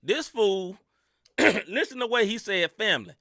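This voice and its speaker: A man's voice: sits high, expressive, moderate pace, bright, forceful tone, no echo, clean studio sound. A man from the Mid-South with a Southern accent, co-hosting a casual sports podcast with slangy, laughing banter. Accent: Southern American. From Mid-South United States. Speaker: podcast co-host.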